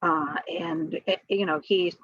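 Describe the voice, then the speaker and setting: A woman's voice: on the low side, fairly even intonation, unhurried, fairly bright tone, slightly rough, no room sound, highs cut off. A middle-aged woman, a guest on an interview show, tells a personal story in a rambling way, full of fillers and restarts.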